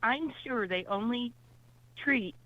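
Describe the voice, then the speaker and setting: A woman's voice: on the high side, takes it slowly. A woman calling into a radio show, exclaiming and easily amazed. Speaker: caller. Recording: dull phone-line call.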